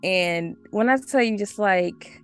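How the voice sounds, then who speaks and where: A woman from the United States telling a story as a podcast guest, chatty and animated, full of "like" and laughter. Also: mid-range voice, slow pace, smooth, soft background music. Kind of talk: casual storytelling.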